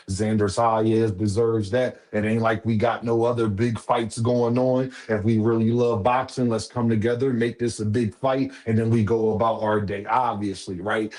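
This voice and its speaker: A man's voice: on the low side, darkish tone. A man hosting a casual boxing live stream, talking straight to his viewers in a preachy, repetitive, profane way.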